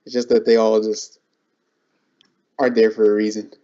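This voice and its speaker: Easygoing young man, mellow dark voice. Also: lowish voice, flat delivery, moderate pace. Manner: easygoing, agreeable, often hedges with "like". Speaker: guest. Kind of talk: casual chat. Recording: muffled lo-fi recording.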